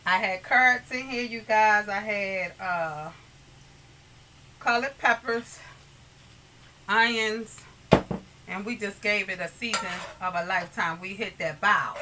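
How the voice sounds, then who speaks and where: Slow and often pausing, a woman with a mid-range, bright, forceful voice hosts a casual tutorial from her home kitchen. She's chatty, calls viewers "you guys," and pots, pans and dishes clink nearby. The low-quality recording has a little hiss or hum.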